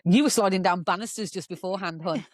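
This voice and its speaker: A woman's voice: on the low side, quick pace, no room sound, studio quality. A woman from England in her thirties, a podcast guest telling stories with lots of laughing and acted-out voices. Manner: animated, acts out voices, swears, laughs often. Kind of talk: casual storytelling chat.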